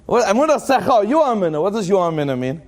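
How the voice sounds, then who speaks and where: A rabbi giving a lively, joking religious talk to a live audience, questioning them and acting out what people say. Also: male voice, high voice, fast. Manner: animated and joking, acts out quoted thoughts in a dramatic voice.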